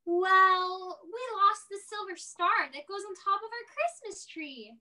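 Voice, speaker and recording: A young actor playing an excitable young boy with old-fashioned kid slang in a high school stage play. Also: unhurried, exaggerated voice.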